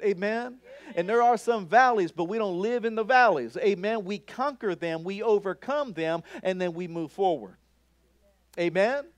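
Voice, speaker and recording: A man pastor preaching a sermon to his church, calling out "Amen?" to the crowd and building up to loud, bold declarations. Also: sits high, no echo. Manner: preaching call-and-response, repeating "Amen?" and urging bold declarations; rises to loud shouted declarations.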